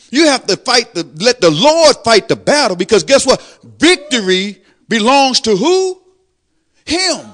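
An older man preaching a testimony sermon, animated, swelling louder on praise lines. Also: extremely high pitch. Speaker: lay preacher.

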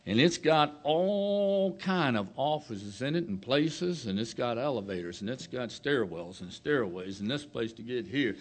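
A man preaching a sermon, slow and emphatic, rising to loud declarations and dropping to hushed phrases. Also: medium pitch, expressive.

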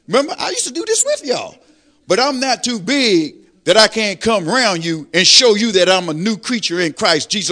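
An older man preaching a testimony sermon, animated, swelling louder on praise lines. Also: high-pitched. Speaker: lay preacher.

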